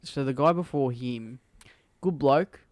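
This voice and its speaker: A man's voice: mid-range voice, unhurried, no room sound. An Australian man hosting a podcast, telling stories in crude, joking casual chat. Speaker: podcast host.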